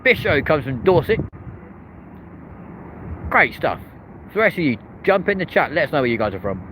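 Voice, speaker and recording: A man's voice: a little high, sing-song, normal speed, rough recording. A man hosting a live stream outdoors beside an airport runway, chatting cheerily and reading out viewers' comments in casual British slang. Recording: loud wind and traffic noise outdoors. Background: wind and passing vehicles.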